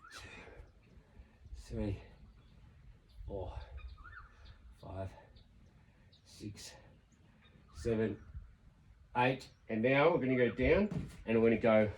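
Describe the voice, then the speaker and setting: A man's voice: mid-range voice, darkish tone, slight background noise, low-quality recording. A man in his fifties filming a workout vlog outdoors, counting reps and talking through his routine in a chatty, encouraging way. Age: 50s. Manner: chatty, encouraging coach talk. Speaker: fitness vlogger.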